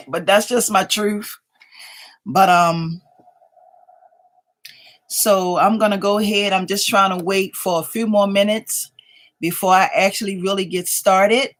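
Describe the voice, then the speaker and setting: A woman's voice: medium pitch, fairly even intonation, takes it slowly, pauses often. Chatty woman hosting a home livestream. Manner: chatty, warmly greets viewers by name. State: a little sleepy. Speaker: craft channel host. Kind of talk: casual livestream chat.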